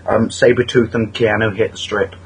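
A man's voice: fairly low pitch, little pitch movement, normal speed, vocal fry, poor audio. A man co-hosting a podcast in casual banter, making crude, teasing jokes. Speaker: podcast co-host.

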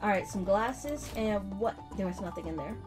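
A woman's voice: mid-range voice, animated, normal speed. Chatty slangy woman gamer. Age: 30s. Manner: chatty, slangy, self-mocking. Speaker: gaming video host. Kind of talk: casual gameplay commentary. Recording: game music behind. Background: game music.

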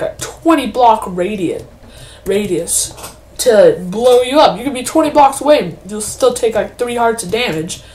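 A woman's voice: medium pitch, a little mellow, a little hiss or hum. A young woman giving casual commentary while she plays a game, chatting to herself and breaking into mock-grumpy outbursts. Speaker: gaming channel host.

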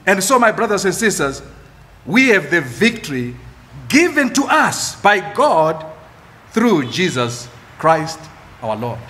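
High-pitched, animated preaching man. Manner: emphatic preaching with repeated phrases and dramatic pauses. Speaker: pastor. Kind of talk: sermon. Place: church. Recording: echoey church hall.

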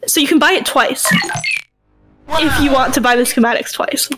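A woman with a high, light voice chats on a podcast about game details. She talks with easy enthusiasm in a casual, friendly way. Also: moderate pace, music in the background. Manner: chatty and enthusiastic, laughs easily. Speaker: podcast co-host.

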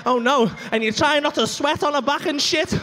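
Stand-up guy, really high voice, crude and animated, acts stuff out with moans and gasps on stage. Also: brisk. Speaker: stand-up comedian. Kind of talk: stand-up comedy set. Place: comedy club stage.

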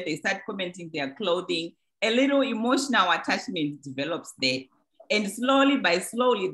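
A woman's voice: lowish voice, fairly bright tone, poor audio. A middle-aged woman giving an earnest church teaching on boundaries, in plain words, acting out short everyday examples. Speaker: speaker teaching a church group. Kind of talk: teaching talk to a congregation.

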